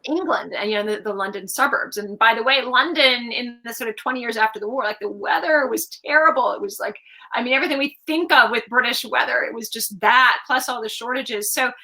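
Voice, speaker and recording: A woman with a high, bright voice talks about her novel over a video call. She rambles warmly through fillers and restarts, as if chatting with a friend. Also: a little fast, low-quality recording. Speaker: author guest. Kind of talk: conversational book event on a video call.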